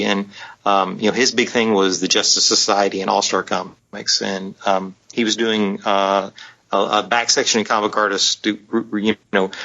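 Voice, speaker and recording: A man's voice: fairly low pitch, bright, forceful tone. A man telling a long story as a podcast guest, rambling with many fillers and restarts. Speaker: guest, publisher. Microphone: on the phone line. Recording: dull lo-fi sound.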